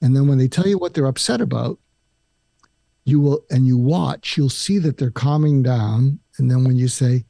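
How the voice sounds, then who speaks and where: An older man, a psychiatrist being interviewed on a podcast, breaks down a conversation technique step by step with calm patience, acting out example phrases. His mid-range voice has vocal fry and a moderate pace, in clean studio sound without echo.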